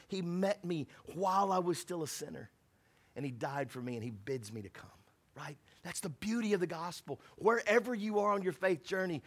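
A man delivers a sermon in a voice that sits a little high for a man. He reads scripture and quotations, breaks off for jokes and friendly asides to the congregation, and moves between quiet, slowed passages and emphatic peaks. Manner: conversational preaching with asides and laughs; swings from hushed to emphatic. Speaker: pastor.

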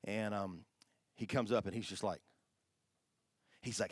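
Pastor preaching, gets loud then goes quiet, dry close sound. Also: male voice, lowish voice, measured pace, long pauses, dry recording. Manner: animated, swings from hushed to loud exclamations. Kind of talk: sermon.

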